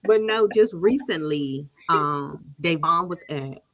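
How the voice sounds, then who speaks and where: A middle-aged woman co-hosting a podcast, telling stories in an animated way and acting out the quotes. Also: low voice, slow. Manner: animated storyteller who acts out quotes. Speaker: podcast co-host. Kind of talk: casual chat.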